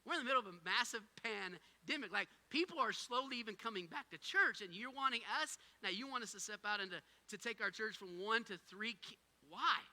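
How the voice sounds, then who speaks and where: A male pastor preaching a sermon, swinging between loud urging and quiet asides. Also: sits high, brisk, hardly any pauses, in a large hall.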